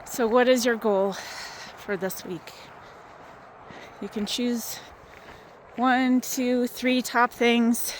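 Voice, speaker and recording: Woman wellness host, slightly higher voice, a bit winded, gentle encouraging pep talk on a phone outdoors, faint outdoor hum behind. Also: level tone, very slow, long pauses, low-quality recording. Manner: gentle, encouraging, guiding with questions. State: out of breath from walking. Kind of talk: motivational talk to viewers. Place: outdoors in the sun.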